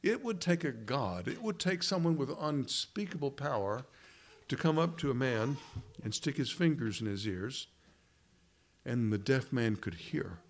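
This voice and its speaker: Man, sermon, earnest, emphatic, dramatic pauses, hushed quoted lines, mid pitch. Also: lively intonation. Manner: acts out quoted speech in a low, hushed voice. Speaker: preacher.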